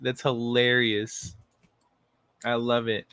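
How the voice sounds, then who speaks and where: Male streamer, casual sarcastic commentary, average pitch, dry close mic. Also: little pitch movement, takes it slowly, a bit bright, smooth, no room sound. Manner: sarcastic, profane, laughing often. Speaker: livestream host. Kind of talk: casual livestream commentary reading articles to chat.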